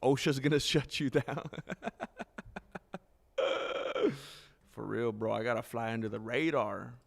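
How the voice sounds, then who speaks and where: A man's voice: mid-range voice, takes it slowly, gravelly. A man hosting a casual live stream, chatting loosely to his viewers, calling them "bro" and laughing often. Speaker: livestream host.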